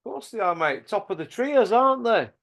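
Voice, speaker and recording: A man's voice: high-pitched, very animated, brisk, creaky, fairly bright tone. A man, blunt and mocking, chatting casually about boxing as a podcast host.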